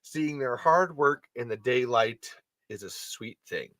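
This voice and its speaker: A man's voice: medium pitch, lively intonation, slow, a bit bright, no echo. A man hosting a podcast, reading a story aloud with casual, rambling asides and frequent self-corrections. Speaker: podcast host.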